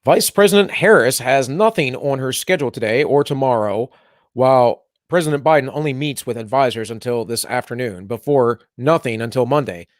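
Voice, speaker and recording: A man's voice: medium pitch, fairly quick, dry recording. Sarcastic man reading headlines, dry mic. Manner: sarcastic, mocking, slips into mock voices. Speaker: co-host of a live talk show. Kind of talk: casual political banter, reading headlines aloud.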